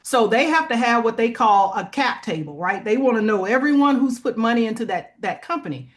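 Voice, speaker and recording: A woman's voice: on the high side, animated, a little fast. Woman explaining funding in plain terms. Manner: explanatory, plain-spoken, frequent "right?" checks. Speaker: guest, funding expert. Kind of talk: conversational interview.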